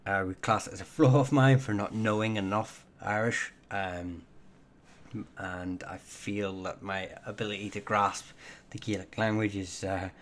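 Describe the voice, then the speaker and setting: A man's voice: lowish voice, fairly even intonation, a little slow, slight background noise. A man hosting a casual live Q&A stream on surnames and heraldry, talking in a hesitant way full of ums and self-corrections. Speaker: livestream host answering viewer questions on Irish surnames.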